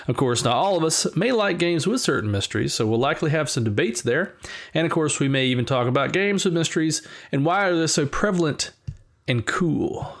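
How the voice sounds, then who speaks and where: A man's voice: a little high, lively intonation, brisk. A man hosting a podcast in a playful, joking way. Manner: playful, jokey. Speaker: podcast host. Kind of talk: casual chat.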